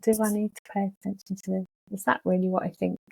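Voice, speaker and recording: A woman's voice: mid-range voice, quick pace, vocal fry, slightly rough. A woman psychologist, talking animatedly as an interview guest and acting out anxious thoughts. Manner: lively, animated, acts out thoughts in quoted voices. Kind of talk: casual interview talk.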